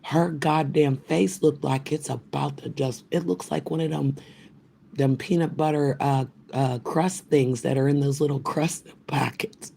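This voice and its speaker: A woman's voice: deep voice, fairly even intonation, measured pace, gravelly, mellow, slightly rough. An older woman hosting a live stream, ranting in a profane, rambling, trash-talking way. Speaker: livestream host.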